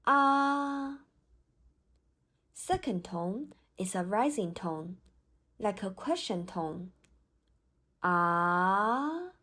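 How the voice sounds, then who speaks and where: A woman teaching Mandarin pronunciation in a slow, scripted lesson, with clear, drawn-out model sounds. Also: mid-range voice, darkish tone.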